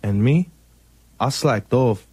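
A young man narrating his own story in a quiet, plain, reflective way. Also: mid-range voice, takes it slowly, breathy edge, dry recording. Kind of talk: scripted documentary narration.

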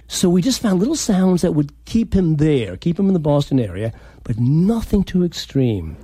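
A man with a husky, mellow voice explains accents as a dialect coach. His pitch swings widely as he demonstrates sounds, often restarting and repeating words, and the recording is close and dry. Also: very animated, moderate pace, no echo. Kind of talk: interview.

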